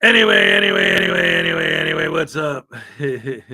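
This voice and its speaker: A man hosting a live-stream reaction chat, excitable and goofy, laughing and shouting playfully. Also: on the high side, fast, creaky, breathy edge. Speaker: host.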